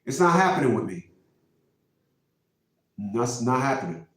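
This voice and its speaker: A man's voice: medium pitch, big pitch swings, unhurried, pauses often. A middle-aged man giving relationship advice in a casual, preachy monologue that repeats itself for emphasis. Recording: very echoey room, from far off.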